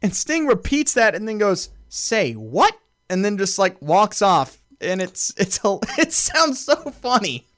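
A man's voice: high-pitched, sing-song, unhurried, hardly any pauses, a bit bright, dry recording, clean studio sound. A man co-hosting a podcast, chatting casually and animatedly, laughing often as he recaps a show. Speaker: podcast co-host.

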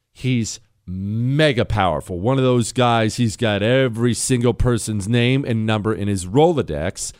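A man's voice: mid-range voice, no echo, studio quality. A man hosting a talk radio show, speaking bluntly and sarcastically with strong emphasis. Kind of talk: opinionated talk radio monologue.

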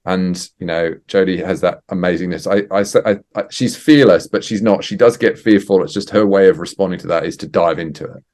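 A man, a theatre director guest on a remote podcast interview, speaking thoughtfully with halting restarts. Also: deep voice, darkish tone. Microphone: remote call.

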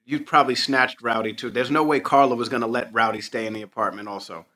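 A man co-hosting a rewatch podcast, relaxed and loose, tossing in "dude.". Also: mid-range voice, fast. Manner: relaxed, says dude a lot. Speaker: podcast co-host. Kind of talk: casual rewatch chat.

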